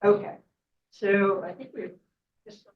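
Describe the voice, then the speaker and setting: A woman's voice: medium pitch, takes it slowly. A woman guest speaker telling a myth in a chatty way, laughing often and checking in with "right?". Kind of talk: storytelling talk at a club meeting. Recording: echoey room, distant mic, dull sound.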